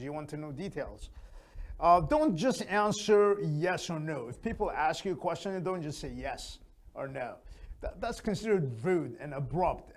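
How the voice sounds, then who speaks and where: A man teaching an English conversation lesson, speaking deliberately and modelling lively intonation. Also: fairly high pitch. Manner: slow, deliberate delivery that models expressive intonation.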